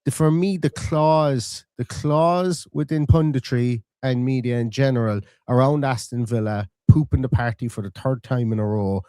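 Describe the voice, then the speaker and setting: A man, talking in an animated, rapid-fire way and making his points with energy in a casual football chat. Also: mid-range voice, clear, resonant tone, no echo, studio quality. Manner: animated, rapid-fire, acts out quoted voices. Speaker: football fan podcast host.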